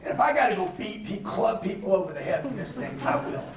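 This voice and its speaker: A man's voice: sits high, lively intonation, fast. A man giving a motivational business lecture to an audience, emphatic and punchy, with laughter from the crowd. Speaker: guest speaker. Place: lecture hall. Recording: roomy hall, mic at a distance, faint ambience.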